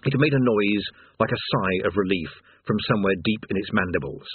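A man reading a comic fantasy story aloud in a lively, wry storytelling manner. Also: lowish voice, a little fast, a little hiss or hum. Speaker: audiobook narrator. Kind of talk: scripted fantasy narration. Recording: tinny phone-like dry sound.

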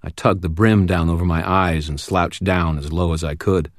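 A man reads a first-person audiobook in a wry, steady way. His voice sits very low, and the recording is dry and close with no room sound. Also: moderate pace, no room sound. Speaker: audiobook narrator.

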